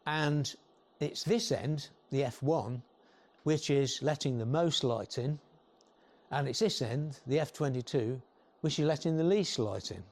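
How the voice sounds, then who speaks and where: An older man giving an informal, rambling talk to a photography club, often clearing his throat and restarting sentences. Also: mid-range voice, unhurried, darkish tone. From England.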